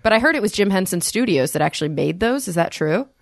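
A woman's voice: medium pitch, vocal fry, no echo, clean studio sound. A woman co-hosting a podcast, talking in a casual, emphatic way and reading a listener email aloud. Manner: animated, emphatic, quick to laugh. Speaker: podcast co-host.

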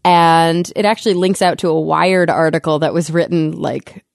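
A woman co-hosting a casual science talk show, explaining a news story in a lively way and laughing often. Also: low voice, normal speed, vocal fry, dry recording, clean studio sound. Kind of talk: casual chat.

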